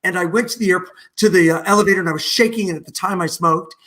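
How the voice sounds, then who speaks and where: A man's voice: high voice, quick pace. A middle-aged man, a stage actor, telling stories with many restarts over a video call. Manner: lively, animated, rambling with many restarts. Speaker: guest, musical theatre actor. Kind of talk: anecdotal storytelling in a video-call interview.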